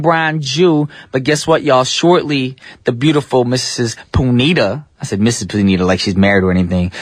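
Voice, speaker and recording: A man's voice: a little high, a bit bright. An American man hosts a radio show with a loose, teasing energy, full of slang and friendly call-outs to listeners. The studio sound is dry and close, with no room echo. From United States. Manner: playful, slangy, addresses listeners as y'all. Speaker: radio DJ host. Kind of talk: casual radio chat. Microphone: studio microphone.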